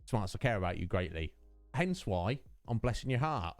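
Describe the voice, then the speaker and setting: A man's voice: lowish voice, very animated, moderate pace, no echo, faint music behind. A British man in his thirties, a full-time streamer chatting casually and laughing with his viewers. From United Kingdom.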